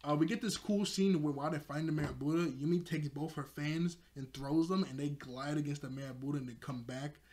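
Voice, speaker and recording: A man's voice: fairly high pitch, a little fast, few pauses, a little mellow. A young man casually recapping a cartoon episode, rambling with lots of fillers and frequent laughs. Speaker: video reviewer.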